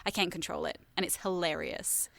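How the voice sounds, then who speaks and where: A woman with a lowish, fairly bright voice and an American accent touched by a slight Southern twang swings wildly in pitch, with vocal fry and no echo. She's a voice actor guesting on an interview, chatting casually, tossing off quick asides and joking at her own expense.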